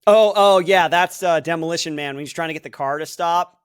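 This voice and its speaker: A man's voice: fairly high pitch, brisk, smooth, no echo, studio quality. A man co-hosting a podcast, guessing quiz answers aloud in a rambling, laughing way. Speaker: podcast co-host, quiz contestant. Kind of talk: casual chat.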